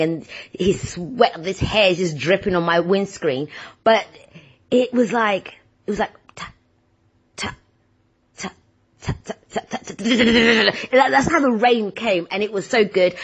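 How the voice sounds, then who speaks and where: A woman hosting her podcast as a casual, playful monologue. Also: mid-range voice. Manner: animated, playful, breaks into silly singing. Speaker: podcast host. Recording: dull lo-fi recording.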